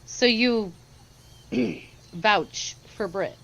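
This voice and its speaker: Slow-talking woman at a game table. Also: medium pitch, gravelly. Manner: hesitant, lots of ums. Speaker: player. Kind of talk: tabletop roleplaying chat.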